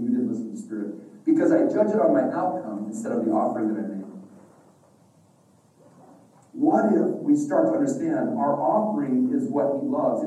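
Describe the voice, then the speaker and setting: Middle-aged guy teaching a church class, dark mellow voice, lively ups and downs, sounds far off in a big echoey room. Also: fairly high pitch. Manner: animated storytelling, acting out dialogues. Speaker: religious teacher. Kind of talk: devotional class talk. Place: large classroom.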